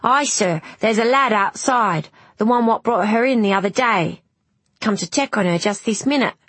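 A woman's voice: fairly high pitch, normal speed, husky, dry recording, voice pushed up. A woman voicing a deferential working-class male crewman who speaks in rustic dialect.

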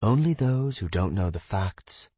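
A man's voice: fairly low pitch, animated, a little slow, dark tone, slightly rough, no echo. A man doing a stern lecturing fighter.

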